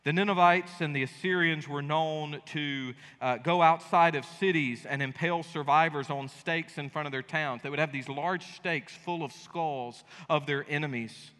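Male pastor, sermon, bright forceful voice, long echo of a church hall. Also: fairly high pitch, normal speed, hardly any pauses. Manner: animated, joking storytelling. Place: church sanctuary.

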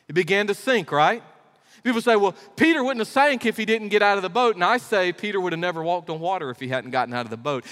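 A man preaching a sermon as pastor, emphatic, asking the crowd rhetorical questions and swinging between loud and soft. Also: a little high. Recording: long echo of a big hall.

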